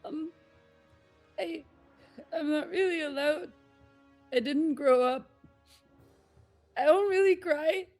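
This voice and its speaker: A woman playing her character in a tabletop game, talking in halting, stammering bursts. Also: sits high, a little mellow, faint music behind. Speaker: player.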